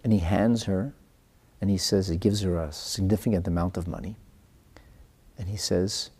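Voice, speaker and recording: A man teaching a class on religious texts and telling a story in an animated way, acting out the characters. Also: low-pitched, moderate pace, long pauses, slightly rough. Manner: animated storyteller, acts out voices. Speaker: Torah teacher.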